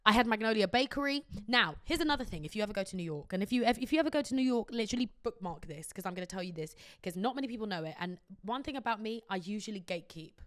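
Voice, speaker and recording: A woman hosting her own podcast, chatting casually and telling animated stories with lots of laughter. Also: medium pitch, racing, few pauses, no room sound, clean studio sound. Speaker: podcast host. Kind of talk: casual chat.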